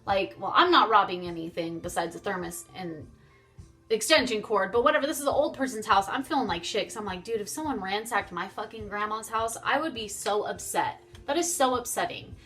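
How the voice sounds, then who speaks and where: A woman's voice: medium pitch, expressive, fairly quick, fairly bright tone, soft background music. A young woman vlogger chatting casually and animatedly through a storytime, swearing freely. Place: home, getting ready on camera.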